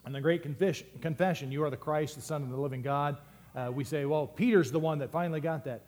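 A man's voice: a little high, quick pace, darkish tone. A man preaching a sermon as pastor, earnest and reflective, often restarting his phrases.

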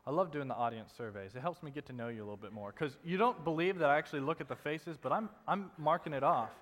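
Man preaching in a reverberant hall. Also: quick pace. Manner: conversational preaching, drops soft and low for emphasis. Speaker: pastor. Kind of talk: sermon.

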